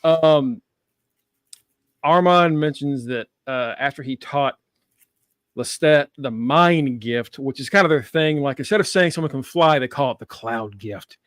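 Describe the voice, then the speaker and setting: A man's voice: mid-range voice, a little slow, a bit bright, dry recording, clean studio sound. A man hosting a casual TV review chat, cursing and laughing often as he talks. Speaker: podcast host.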